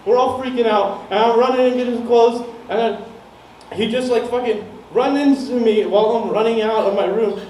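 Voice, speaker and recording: High-voiced young man telling a rambling story. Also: brisk, darkish tone. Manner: rambling, profane, laughing at his own story. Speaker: stand-up comedian. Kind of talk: stand-up storytelling. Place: small comedy venue. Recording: echoey room, mic heard from far off, some noise.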